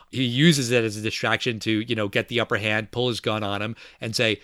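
Man, casual film talk, relaxed plot recap, dry close recording. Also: lowish voice, a little fast, hardly any pauses, no room sound.

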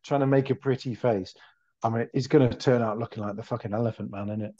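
A man's voice: medium pitch, steady tone, fast, dark tone, lo-fi sound. A man co-hosting a comedy podcast, rambling in a crude, sweary way. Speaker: podcast co-host. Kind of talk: casual comedy chat.

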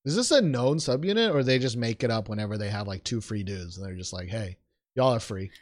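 A man's voice: on the low side, animated, brisk. A young man co-hosting a podcast in casual chat, self-deprecating and joking, with many fillers. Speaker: podcast co-host.

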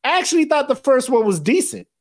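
A man co-hosting a podcast in casual chat, profane and animated, acting out movie scenes in quick voices. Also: very high voice. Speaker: podcast co-host.

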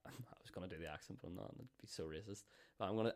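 Podcast host: man, lowish voice, animated storyteller who swears freely. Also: racing, hardly any pauses. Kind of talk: casual storytelling chat.

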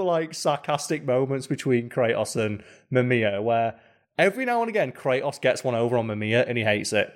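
A man of middle pitch co-hosts a casual podcast chat. He talks animatedly and keeps slipping into short acted snippets of quoted lines. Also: animated, normal speed. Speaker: podcast co-host. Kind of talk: casual chat about video games.

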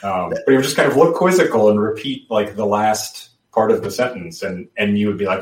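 A man's voice: on the low side, a little fast, few pauses. A man talking casually as a podcast guest, rambling with lots of restarts and fillers. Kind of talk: casual chat. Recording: roomy, distant from the mic.

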